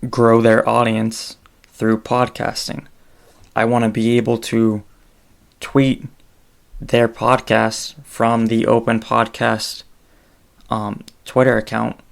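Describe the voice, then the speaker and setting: Solo podcast guy, slow and rambly, gravelly creaky voice. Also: medium pitch. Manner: rambling, halting, many fillers. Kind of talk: casual solo podcast monologue.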